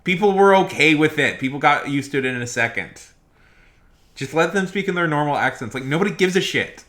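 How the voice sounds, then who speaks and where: Animated, emphatic man streamer. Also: fairly high pitch, a little fast. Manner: emphatic, repeats himself, restarts often. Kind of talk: casual rambling commentary.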